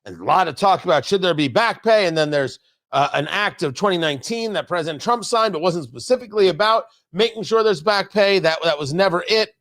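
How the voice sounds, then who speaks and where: A man's voice: sits high, expressive, fairly quick, fairly bright tone. Male talk host, studio, indignant, mocking, emphatic monologue. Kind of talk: political talk show monologue. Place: radio studio.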